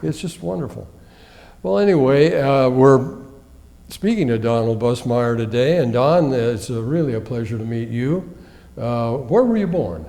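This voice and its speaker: Male interviewer, warm low-key delivery, fills with "uh" a lot, echoing library hall. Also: lively intonation, a little slow, vocal fry. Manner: chatty, hesitant, many uh fillers. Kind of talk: oral history interview. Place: library room with long reverb. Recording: reverberant hall.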